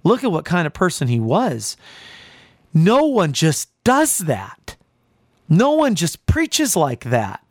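A man's voice: a little high, wildly swooping pitch, takes it slowly, no echo. A man preaching a sermon in a fiery, emphatic way, with sudden rises in force.

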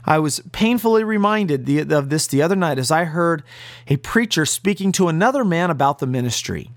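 A man delivering an earnest radio sermon in a fairly high voice that rises and falls a great deal. He stresses his key phrases slowly and firmly. The sound is dry and close, with no room around it. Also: expressive, no room sound. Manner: earnest, emphatic preaching with slow stressed phrases. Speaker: pastor.

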